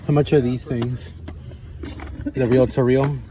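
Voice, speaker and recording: A man's voice: medium pitch, flat delivery, unhurried. A man vlogging at garage sales, chatting casually and haggling with sellers. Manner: friendly, bargaining, laughs easily. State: out of breath. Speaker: reseller vlogger. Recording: noisy outdoor street recording.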